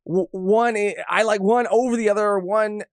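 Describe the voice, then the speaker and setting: A man co-hosting a podcast, reacting to an anime episode in excited, slangy, casual chat. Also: sits high, normal speed. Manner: excitable, slangy, swears often. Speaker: podcast co-host.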